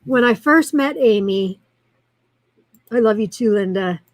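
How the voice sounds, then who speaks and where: A woman's voice: a little high, animated, a little slow, no room sound, rough recording. A woman hosting a live-streamed show, chatting casually in a rambling way and reacting to viewer comments as she reads them aloud.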